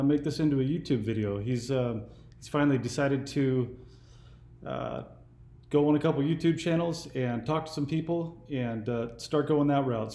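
A man's voice: mid-range voice, mellow. Easygoing man in his forties, roomy sound. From California. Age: 40s. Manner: easygoing, meandering talk. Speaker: YouTube host. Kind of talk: casual phone conversation.

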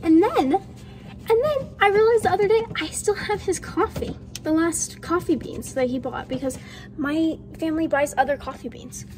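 High-voiced joking woman vlogger. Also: normal speed, noisy background. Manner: rambling, jokey, laughs often, swears. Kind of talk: casual chat to camera. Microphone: phone camera.

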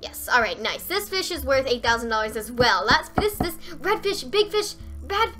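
A young woman streaming a fishing game live, chatting straight to her viewers and breaking into squeals and shouts when she gets excited. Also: fairly high pitch, moderate pace, soft background music. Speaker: gaming streamer.

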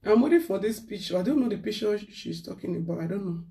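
Woman, Nigerian accent, live-stream host, ranting, chatty, mid pitch, voice sits back from the mic. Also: lively intonation, quick pace, gravelly, mellow, recorded from a distance. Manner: talkative, ranting, mixing pidgin into English. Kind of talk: casual live-stream rant.

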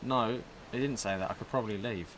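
A young man playing a video game and chatting casually, excitable and swearing freely, often breaking into laughter. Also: on the low side, quick pace, slight background noise. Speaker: let's play player. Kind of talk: casual gameplay commentary.

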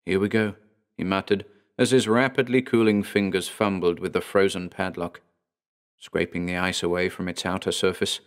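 A man reading a horror story aloud in a measured, deliberate storytelling manner. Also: deep voice. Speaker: narrator and author. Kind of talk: scripted horror narration.

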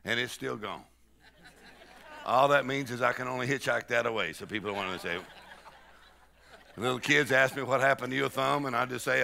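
Gravelly bright-voiced preacher, man. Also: mid-range voice, normal speed, long pauses. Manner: laughs and shouts "woo", leads the crowd in rejoicing; folksy storytelling with jokes. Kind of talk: sermon. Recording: live church sermon.

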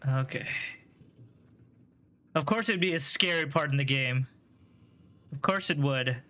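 A man's voice: medium pitch, unhurried, pushed and bright. A man streaming a video game live, chatting casually, joking, swearing and laughing a lot as he plays. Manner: jokey, laughs often, swears, teases chat. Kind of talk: casual live gameplay commentary.

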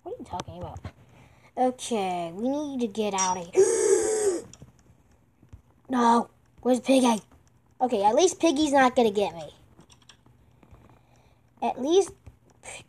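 A woman giving excitable let's-play commentary while gaming online with friends, yelping, pleading with the game and repeating herself. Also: on the high side, slow, pauses often. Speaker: gamer playing online with friends.

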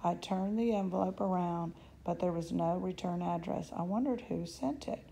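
Mellow, slightly gravelly woman reading a story. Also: moderate pace, a little hiss or hum, low-quality recording. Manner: voices the narrator's excited thoughts in a higher, louder voice. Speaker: audiobook reader. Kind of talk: reading a children's novel aloud.

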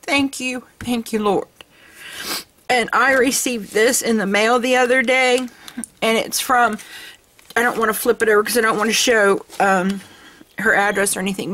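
A middle-aged woman hosting her crafting vlog, gushing with excitement and laughing often. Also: medium pitch, a little hiss or hum. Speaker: crafting channel host. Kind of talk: casual vlog chat.

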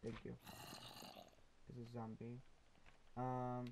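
A young man, a gaming YouTuber, casually narrates a Minecraft let's play, rambling with lots of ums to his viewers and the mobs. His voice is medium-pitched and brisk, he pauses often, and there's noise in the background.

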